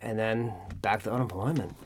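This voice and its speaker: A man's voice: fairly low pitch, steady tone, normal speed. A middle-aged man, a guest actor, chatting casually and telling stories about his career, acting out old conversations. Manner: storytelling, acts out past dialogue. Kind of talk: casual interview chat.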